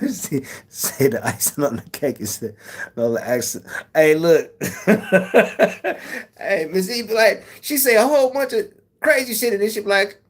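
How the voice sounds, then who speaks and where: Casual male streamer, relaxed and loose, quick to laugh, answering viewers directly. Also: high-pitched. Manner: laid-back, swearing, laughs often. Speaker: YouTube livestream host.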